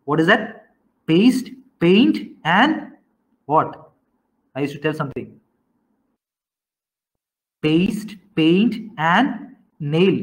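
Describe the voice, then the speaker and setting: A man teaching an online class, quizzing students and often repeating himself with halting restarts. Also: on the high side, very animated, rough recording.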